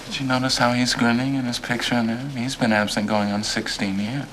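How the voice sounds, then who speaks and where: An actor playing a restless young man longing to leave home, talking in a tense, halting, bitter way. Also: medium pitch, little pitch movement, fairly bright tone, slight background noise, natural voice, rough recording. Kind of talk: film drama acting.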